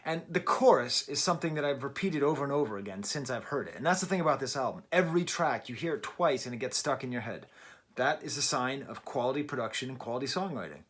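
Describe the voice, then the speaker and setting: A man's voice: mid-range voice, animated, fast talker, fairly bright tone. A middle-aged man giving a casual, emphatic and wry album review from his daughter's bedroom at home. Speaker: music reviewer.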